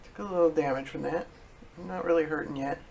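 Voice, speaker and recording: A man streaming a card game, talking casually to himself as he plays, halting often with fillers and self-corrections. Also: on the high side, fairly even intonation, gravelly, darkish tone, a little hiss or hum. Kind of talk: casual thinking-aloud commentary.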